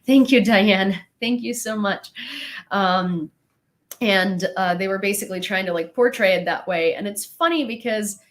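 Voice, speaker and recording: A woman's voice: medium pitch, unhurried. A young woman hosting a casual live stream, chatting and rambling as she thanks viewers and laughs along the way. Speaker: live-stream host reading chat.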